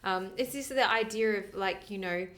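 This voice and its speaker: In a fairly bright, medium-pitched voice at a moderate pace, this podcast co-host rambles earnestly through a casual chat, leaning on lots of fillers.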